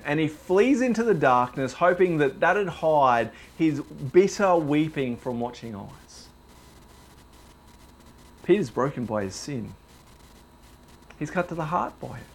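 A man's voice: fairly high pitch, a little hiss or hum. Aussie guy giving a sermon, young, acts out the story, voice jumps all over. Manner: animated storytelling, dramatizing quoted lines. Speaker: preacher.

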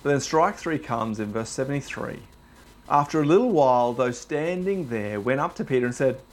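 A young man preaching a sermon, telling the story with animated, dramatized delivery. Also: mid-range voice, normal speed.

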